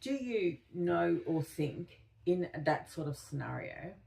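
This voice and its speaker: A woman co-hosting a podcast, reflecting slowly and thoughtfully in casual conversation. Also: fairly low pitch, sing-song, gravelly, mellow, distant mic. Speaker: podcast co-host.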